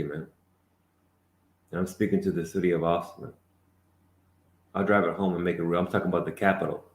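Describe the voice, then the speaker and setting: In an echoey room, the lead teacher of the class delivers a fiery street-preaching sermon in a very deep voice. He hammers his points with emphasis, calls out prompts, and ends lines with "man."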